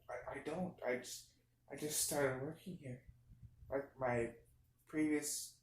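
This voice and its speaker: Young man, rambling absurd storytelling, lots of fillers, middle pitch, roomy echo. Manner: meandering, filler-heavy, deadpan absurd. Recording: echoey room.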